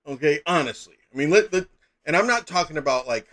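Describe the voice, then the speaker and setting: A man's voice: on the high side, lively intonation, fast, a bit bright. A middle-aged man chatting casually as a game master on a live stream, rambling with lots of fillers and sudden emphatic bursts.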